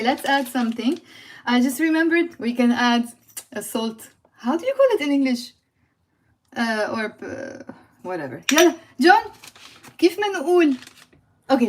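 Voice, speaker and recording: A woman with a Lebanese accent runs a live language lesson, repeating words and calling out to viewers by name. She laughs easily and keeps the tone playful. Her voice sits a little high. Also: slight background noise. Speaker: Lebanese Arabic teacher. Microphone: phone or computer mic on a livestream.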